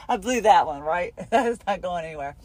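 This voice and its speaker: A woman's voice: lowish voice, a little mellow. A middle-aged woman recording a candid, rambling spoken diary for her podcast from her car between appointments. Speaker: podcast host.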